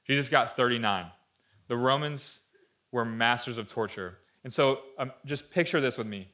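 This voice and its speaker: Bright-voiced male preacher telling a story. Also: medium pitch, normal speed. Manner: storytelling, acting out voices in Bible readings; drops to a hushed tone at dramatic moments. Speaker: pastor. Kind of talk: sermon.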